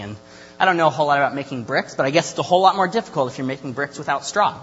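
A man's voice: a little high, fast talker, fairly bright tone. A young man teaching a casual Bible lesson, chatty and joking with many filler uhs. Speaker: youth Bible study teacher. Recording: reverberant lo-fi hall recording with faint hum.

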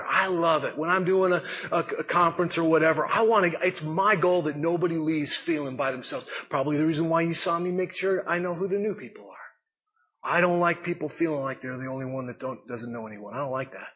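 A middle-aged pastor speaks in a casual, conversational sermon, his voice sitting high for a man. There is a husky edge to his tone. He mixes self-deprecating asides into his teaching, with animated turns of phrase.

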